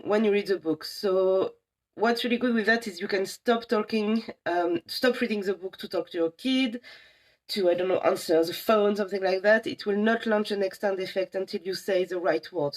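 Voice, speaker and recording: Chatty woman presenting for a library. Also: mid-range voice. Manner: chatty and enthusiastic, many pauses. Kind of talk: casual live app demo.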